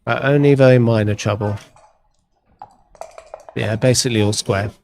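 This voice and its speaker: A man's voice: medium pitch, steady tone, normal speed, creaky, a little mellow, a little hiss or hum. Man giving wry backgammon commentary. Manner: chatty, wry, given to playful exclamations.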